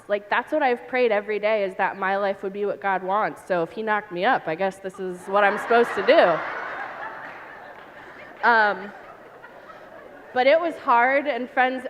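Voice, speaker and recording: A woman's voice: mid-range voice, moderate pace, a little hiss or hum. Candid woman telling her story in a hall. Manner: candid, animated, acts out her own past outbursts. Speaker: panel speaker. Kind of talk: personal testimony to an audience. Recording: reverberant hall.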